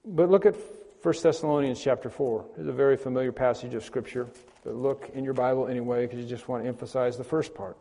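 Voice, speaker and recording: A male pastor preaching an earnest sermon, dropping to soft, tender passages and rising to loud, emphatic peaks. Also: mid-range voice, quick pace, creaky, in a large hall.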